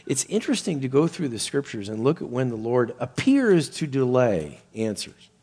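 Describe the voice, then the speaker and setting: A middle-aged man preaching a sermon, animated and rising to near-shouts when he quotes people. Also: medium pitch, normal speed, breathy edge.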